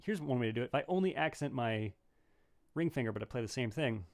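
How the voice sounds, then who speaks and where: Gravelly-voiced man teaching banjo live. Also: mid-range voice, animated, fast, faint music behind. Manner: casual, thinking aloud, many fillers and restarts. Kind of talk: livestream Q&A lesson. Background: banjo playing between phrases.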